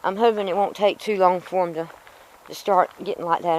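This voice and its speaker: Outdoors in a yard, a woman vlogger rambles casually to her camera, frustrated and hurting from a sore tooth as she talks to herself. Her voice sits on the low side with a steady tone and a brisk pace. The audio is poor, with slight background noise.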